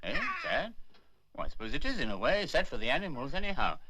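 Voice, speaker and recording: An actor playing a gruff, kindly old English squire in a wheelchair, with bluff, old-fashioned exclamations, in a 1960s film drama. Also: male voice, medium pitch, big pitch swings, quick pace, background noise, close to an everyday voice. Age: older.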